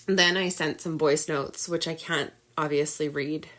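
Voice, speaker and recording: A woman's voice: low voice, fairly even intonation, unhurried, fairly bright tone. Candid woman telling a personal story. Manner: candid, emotional, many fillers. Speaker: podcast host.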